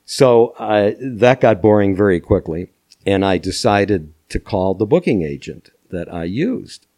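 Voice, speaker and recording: An older man from Minnesota, a podcast guest telling animated anecdotes with chuckles. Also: on the low side, measured pace. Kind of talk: storytelling interview.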